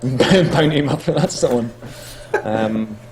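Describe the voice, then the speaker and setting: A man's voice: mid-range voice, slow pace, noisy background. A man from England with a Birmingham accent, co-casting a game in casual chat and speaking with dry, wry humour. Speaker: game co-caster. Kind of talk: casual chat between casters.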